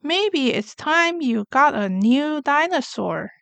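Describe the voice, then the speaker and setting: A woman voicing a kind, jolly father pig with gentle, fatherly storybook delivery. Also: high-pitched, big pitch swings, takes it slowly, gravelly, dry recording, exaggerated voice.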